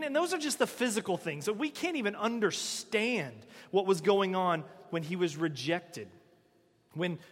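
A man preaching a sermon, earnest and emphatic, moving between loud stresses and hushed lines. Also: high voice, big-room sound. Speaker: pastor.

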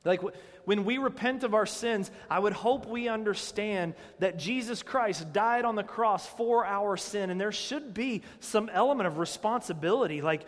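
A man with a high voice delivers a sermon in a conversational, animated way and keeps asking the congregation direct questions. His voice carries a long reverb from the church hall around him. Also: normal speed. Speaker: pastor.

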